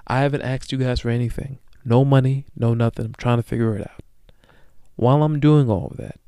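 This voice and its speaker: Brief: young male podcast host, smooth clear voice, dry close sound, profane joking slang rant. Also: steady tone, brisk, no echo. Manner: swings between loud bursts and low mutters. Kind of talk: solo podcast monologue.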